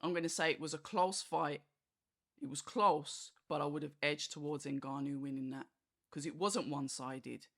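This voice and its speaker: Talking at a normal speed in a steady, creaky, medium-pitched voice, the boxing channel host gives a rambling review of a fight. "Like" and "you know" come up constantly, and the host acts out what people said.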